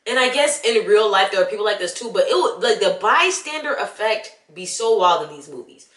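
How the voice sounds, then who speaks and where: A young woman, casually ranting about a movie she saw and talking straight to the viewer in an animated, exasperated way. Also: medium pitch, fairly quick, roomy sound. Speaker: vlogger. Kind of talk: casual movie review rant.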